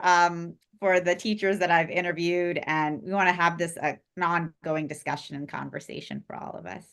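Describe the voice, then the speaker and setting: Co-hosting a live-stream chat that presents a spiritual interview series, a woman rambles with plenty of fillers and speaks in an effusive, heartfelt way. Her voice sits on the low side with a fairly bright tone.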